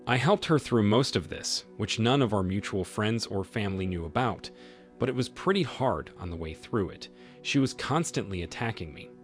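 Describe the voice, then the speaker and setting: Male storyteller reading a story aloud in a steady, even delivery; low and animated. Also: moderate pace. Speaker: story narrator. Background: faint background music.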